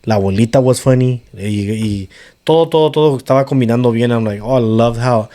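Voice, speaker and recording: Bilingual male co-host, mellow tone, loose, profane casual chat. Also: medium pitch, quick pace. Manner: switches between English and Spanish mid-sentence, swearing freely. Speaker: podcast co-host.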